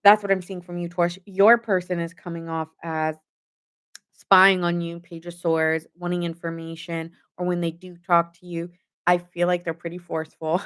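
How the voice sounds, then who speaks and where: Giggly low-voiced woman tarot reader. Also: moderate pace. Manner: giggly, laughs often mid-sentence; chatty, many fillers like "like" and "giving". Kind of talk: casual tarot reading to viewers.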